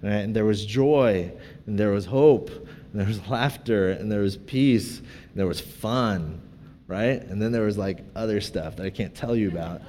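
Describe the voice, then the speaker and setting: A man in his thirties preaching a sermon, telling a personal story in an animated, self-deprecating, joking way. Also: fairly low pitch, normal speed, a little hiss or hum. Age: 30s. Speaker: pastor. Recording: long church-hall reverb.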